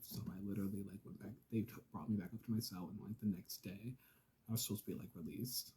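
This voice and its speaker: Mellow, husky-voiced man telling a story. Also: fairly low pitch, fairly quick. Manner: animated, swinging from loud outbursts to hushed asides; profane and exasperated. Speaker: vlogger. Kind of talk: casual storytime monologue.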